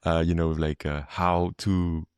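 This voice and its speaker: Deep-voiced French-accented male host. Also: little pitch movement, measured pace, darkish tone, clear, resonant tone, no room sound, clean studio sound. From France. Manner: chatty, many fillers and restarts. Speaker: podcast host. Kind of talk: casual interview chat. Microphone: video call.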